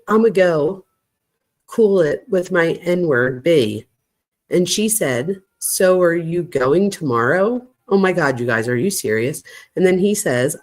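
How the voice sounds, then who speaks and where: Woman true crime host, lowish voice, very animated pitch; reads messages aloud with reactive commentary. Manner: animated, reacts with gasps and asides.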